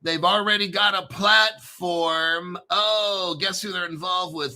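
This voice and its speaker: A man's voice: sits high, fairly even intonation, slow, few pauses, sharp tone. A man hosting casual crypto commentary, swearing freely and bantering back and forth with himself.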